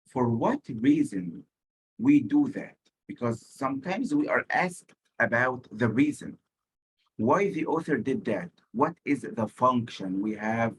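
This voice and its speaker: A male SAT teacher with an Arabic accent giving a recorded lesson, explaining slowly and repeating key words for emphasis. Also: medium pitch, a little hiss or hum, poor audio. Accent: Arabic-speaking. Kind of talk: recorded lecture.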